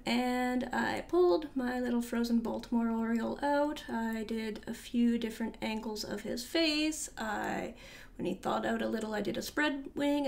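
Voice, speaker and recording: A young woman with a fairly high voice gives a relaxed, chatty tour of her art sketchbooks. She rambles, trails off and corrects herself as she goes, keeping it informal and friendly. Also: gravelly. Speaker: artist showing her sketchbook.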